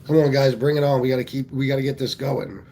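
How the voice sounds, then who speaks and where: A man's voice: medium pitch, steady tone, quick pace, gravelly, mellow, a little hiss or hum. Blunt, profane man hosting a livestream. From Pennsylvania. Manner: blunt, profane, reads out viewer comments. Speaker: livestream host. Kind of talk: casual livestream chat.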